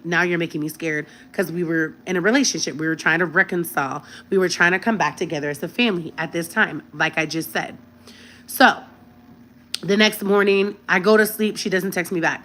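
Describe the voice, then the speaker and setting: A woman's voice: fairly low pitch, a little fast. A young woman telling a personal story straight to her phone camera in a casual, chatty way, often checking in with the viewer. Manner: chatty, animated, keeps checking in with "right?".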